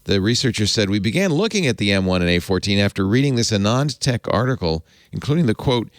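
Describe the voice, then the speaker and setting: A man's voice: lowish voice, big pitch swings, fast talker, no room sound, studio quality. A man hosting a tech podcast, talking casually and rambling, often correcting himself and chuckling. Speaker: podcast host.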